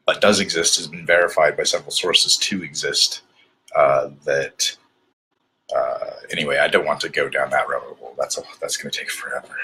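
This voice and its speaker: Deep, raspy man in a mock British accent. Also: steady tone, moderate pace, bright, forceful tone. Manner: rambling, hesitant, with many fillers and restarts; speaking in a self-described bad British accent. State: mentally exhausted. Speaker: vlogger. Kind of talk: candid personal video diary.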